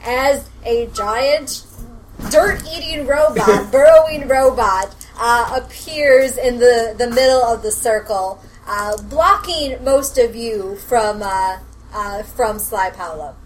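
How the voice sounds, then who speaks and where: A woman narrating as game master of a tabletop game, her voice sitting a little high. She pauses and restarts often as she describes the scene, with a faint hiss of noise behind her. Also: rough recording. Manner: hesitant, filler-heavy narration.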